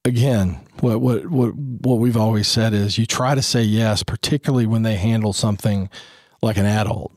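A man in his fifties offers casual, earnest parenting advice, acting out family dialogue along the way. His fairly low, darkish voice holds a steady tone at a moderate pace, recorded clean in a studio with no echo.

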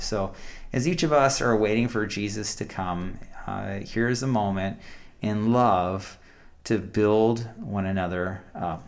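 A man with a fairly low voice co-hosts a relaxed Bible study conversation. He speaks calmly and thoughtfully, with frequent soft murmurs of agreement. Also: takes it slowly. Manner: calm, reflective, frequent affirming murmurs. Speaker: co-host of a Bible study show. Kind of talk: casual Bible study discussion.

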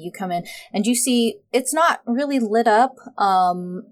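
A woman narrating a tabletop role-playing game as game master, describing scenes in a relaxed way with some fillers. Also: mid-range voice.

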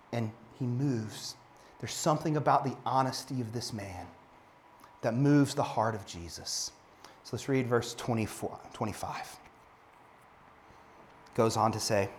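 A man preaching a sermon, building to emphatic, passionate peaks and then dropping to soft, quiet phrases. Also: mid-range voice, moderate pace.

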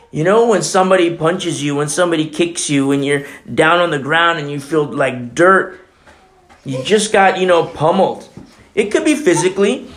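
A man's voice: fairly high pitch, moderate pace, a bit bright. A man preaching a sermon as pastor, impassioned and conversational, talking straight to the congregation with many fillers.

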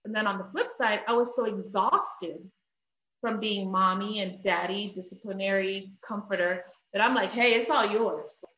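A woman's voice: mid-range voice, normal speed, reverberant, highs cut off, slight background noise. A woman in her thirties, an interview guest, telling her story openly about faith and family and acting out her own past words. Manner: animated storytelling, acts out her own past lines in a rising voice. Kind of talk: candid faith-based conversation.

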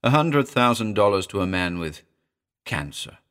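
A man's voice: lowish voice, big pitch swings, normal speed, fairly bright tone, smooth. A man voicing a grim, dying man with bitter, sardonic gallows humor. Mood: bitter, ironic. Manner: sardonic, mirthless.

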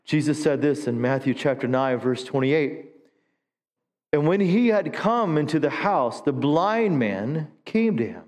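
A pastor preaching a sermon, calling for the congregation to answer and swinging between hushed stretches and rising appeals. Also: male voice, fairly high pitch, sing-song, unhurried. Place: church sanctuary. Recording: long hall reverb.

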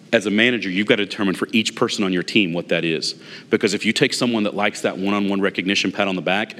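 A man's voice: fairly low pitch, a bit bright, long reverb tail. A man giving a conversational leadership lesson to managers, telling a personal story and acting out bits of dialogue with emphasis. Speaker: management trainer.

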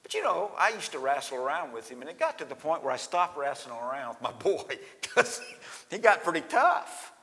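Forceful preacher man, hall reverb. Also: a little high, very animated, moderate pace. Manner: storytelling preacher, swings between loud and hushed. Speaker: pastor. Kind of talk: sermon.

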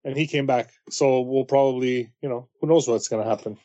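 A man's voice: medium pitch, a little fast, mellow, dull audio. A man co-hosting a podcast, chatting casually and in a joking way. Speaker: podcast co-host. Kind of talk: casual chat.

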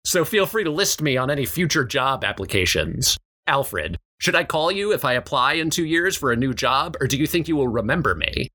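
A man co-hosting a comedy podcast, telling absurd made-up scenes in a deadpan way. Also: medium pitch, a little fast. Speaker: podcast co-host. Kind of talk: comedic improvised scene reading.

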